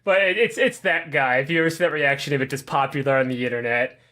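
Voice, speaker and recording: A man co-hosting a podcast in casual chat, rambling through a profane, animated recap. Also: medium pitch, quick pace. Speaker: podcast co-host.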